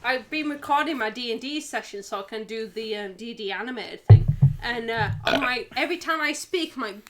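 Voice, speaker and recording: A woman's voice: on the high side, normal speed. A woman with a Yorkshire accent in casual chat on a stream, laughing often and swearing freely. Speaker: stream guest.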